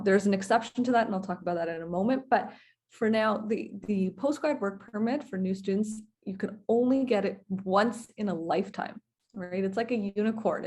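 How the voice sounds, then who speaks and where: A woman's voice: medium pitch, a little mellow. Woman explaining rules in a webinar. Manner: explanatory, checks in with "okay?" and "right?". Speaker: immigration lawyer presenter. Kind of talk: webinar presentation. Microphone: webinar computer mic.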